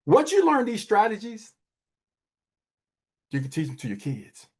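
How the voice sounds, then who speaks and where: Middle-aged male podcast host, emphatic and repetitive, higher voice with lively intonation. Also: measured pace, husky. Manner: emphatic, preachy, repeats phrases for effect. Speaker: wealth advisor and podcast host. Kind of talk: motivational money talk.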